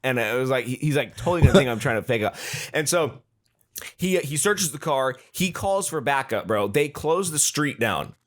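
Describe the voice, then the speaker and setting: A podcast host tells a rambling story in casual chat, starting sentences over and over. His voice sits at an ordinary middle pitch for a man, and he slips into quick acted-out lines for the other people in the story. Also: lively intonation. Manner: rambling, with many restarts.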